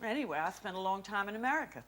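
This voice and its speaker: A woman from Scotland, a guest singer, answering with dry, deadpan retorts in a comedy sketch. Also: medium pitch, very fast.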